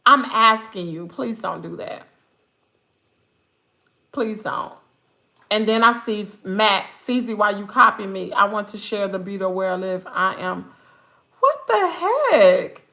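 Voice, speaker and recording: A woman's voice: medium pitch, steady tone, a little slow, vocal fry, pauses often, bright, forceful tone. A woman with a Southern American accent, hosting a casual livestream chat and talking to viewers in a chatty, exclamatory way that turns to scolding the chat. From Mississippi, US South. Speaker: channel host.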